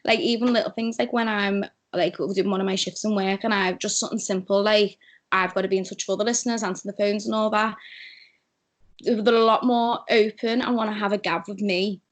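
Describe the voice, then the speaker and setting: Young woman, strong Liverpool accent, animated, chatty, Skype audio call. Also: mid-range voice, fairly quick. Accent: Scouse (Liverpool). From Liverpool, England. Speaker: guest, radio producer. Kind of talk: casual chat.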